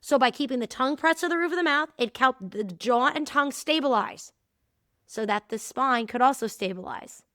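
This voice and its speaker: A woman with a bright, crisp voice hosts her own podcast, talking candidly and with animation as she teaches and tells stories. The sound is close and dry, with no room around it. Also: sits high, normal speed, dry recording. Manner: candid, animated storytelling with laughs. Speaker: podcast host and movement teacher. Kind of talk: casual solo podcast talk.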